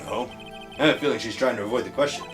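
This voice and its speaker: A man's voice: mid-range voice, racing, music in the background. A young man co-hosting a gaming video, bantering casually, laughing often and hamming up the game's lines. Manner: laughs often, mock-dramatic voices for lines. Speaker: gaming channel co-host. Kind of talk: casual let's-play banter, reading game lines.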